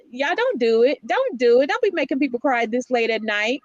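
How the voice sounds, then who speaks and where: A woman co-hosting a casual livestream chat, animated and reading out viewer comments. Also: sits high, a little fast, dull audio. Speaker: livestream co-host.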